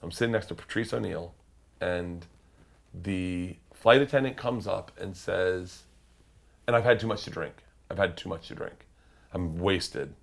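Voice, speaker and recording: A middle-aged comedian telling wild stories as a guest, swearing freely and acting out the other people's voices, sometimes shouting. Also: male voice, deep voice, measured pace, gravelly. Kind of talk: animated storytelling.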